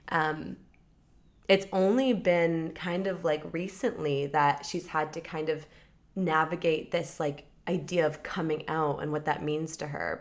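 Chatty young woman podcast co-host, lower voice. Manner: upbeat, chatty, laughs often. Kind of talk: casual celebrity gossip chat.

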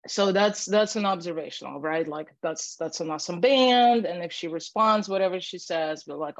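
A woman matchmaker and dating coach giving casual podcast advice, chatty and animated, acting out sample lines and often asking "right?". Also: fairly low pitch, normal speed, few pauses, no echo, dull audio.

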